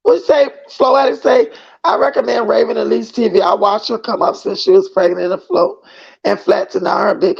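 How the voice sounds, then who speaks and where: High-pitched guy with a gravelly husky voice, chatty livestream host, dull lo-fi audio. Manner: chatty and gossipy, greets viewers as boo. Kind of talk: casual chat reading viewer comments.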